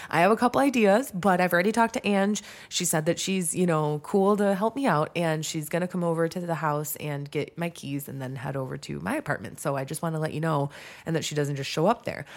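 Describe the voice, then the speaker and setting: A young woman telling a long personal story in casual chat, swearing freely and filling her talk with likes and ums. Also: sits low. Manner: chatty, swears freely, lots of fillers and restarts.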